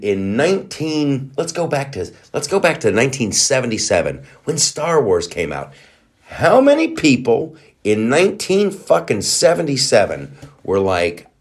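A male podcast host delivering an indignant, profanity-laced political monologue, with frequent restarts and fillers. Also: mid-range voice.

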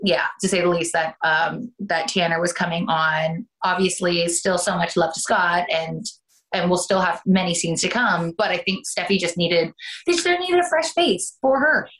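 A woman's voice: fairly low pitch, moderate pace, a bit bright. A Canadian woman, an actress, chatting in an interview, talkative with laughing asides. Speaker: soap opera actress, guest. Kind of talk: casual interview chat.

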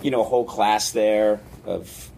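A man being interviewed as a guest, rambling and animated, often laughing as he tells stories. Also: lowish voice, a little slow, vocal fry, slight background noise. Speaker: guest, comedy writer. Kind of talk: casual interview storytelling.

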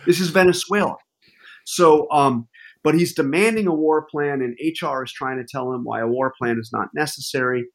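Here a journalist being interviewed shares stories at normal speed and medium pitch. The delivery is animated, broken up by restarts and fillers, in a casual storytelling mood.

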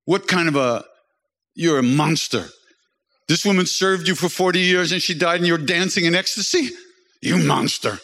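A man's voice: fairly high pitch, moderate pace, sharp tone, big-room sound, pitched above the performer's own voice. A man voicing an indignant old male devotee who scolds his guru in exasperation. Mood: outraged. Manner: exasperated, accusing.

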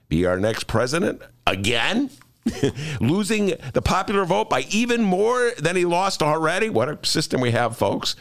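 A man's voice: medium pitch, a bit bright, no room sound. A man hosting a political talk radio show, riffing sarcastically with jokey asides to his listeners.

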